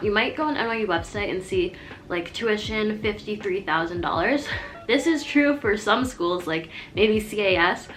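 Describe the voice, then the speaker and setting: A woman's voice: medium pitch, a bit bright. Chatty young woman vlogging casually. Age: young adult. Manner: chatty and rambling, heavy use of "like". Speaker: college student vlogger. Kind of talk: casual advice vlog.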